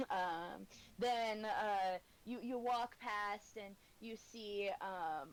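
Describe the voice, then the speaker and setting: A woman's voice: mid-range voice, drawn-out words, rough recording. A woman narrating a tabletop game as game master, hesitant and giggly with many fillers.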